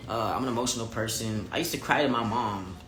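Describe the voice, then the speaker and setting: A man's voice: medium pitch, fast talker, a bit bright, reverberant, slight background noise. A man livestreaming casual chat to his viewers and reading their comments, candid, profane and emphatic. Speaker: vlogger talking live to viewers.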